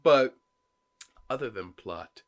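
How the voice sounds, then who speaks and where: A man at a middle pitch chats casually on a podcast. He tells his story with animated energy. He slips into quick impressions of the characters as he goes. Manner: animated storyteller, acting out game characters' lines. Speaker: podcast co-host. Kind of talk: casual chat about video games.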